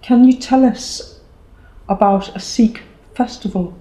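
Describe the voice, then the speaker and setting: A woman's voice: a little high, takes it slowly, dark tone. A woman interviewing a guest, listening closely and giving constant short acknowledgements. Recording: dull, echoey room recording.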